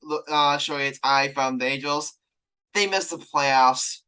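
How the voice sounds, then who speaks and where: A man hosting a casual sports podcast, arguing his points quickly and with energy. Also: mid-range voice, smooth. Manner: quick, argumentative, animated. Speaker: podcast host.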